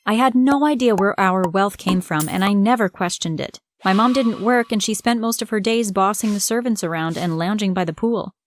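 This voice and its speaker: A woman narrating an animated first-person story, in a conversational tone that speaks straight to the viewer. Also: mid-range voice, moderate pace, few pauses.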